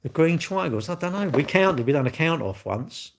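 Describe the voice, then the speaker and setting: A man's voice: a little high, animated, moderate pace, gravelly, slight background noise. An English man, middle-aged, hosting a casual live stream and bantering cheekily with his chat in a rambling, jokey way. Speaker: livestream host.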